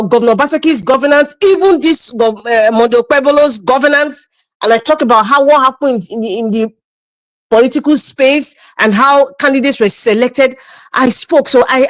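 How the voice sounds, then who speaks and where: A woman's voice: fairly high pitch, no room sound. A woman with a Nigerian accent giving scolding, mocking political commentary on a livestream, laughing often.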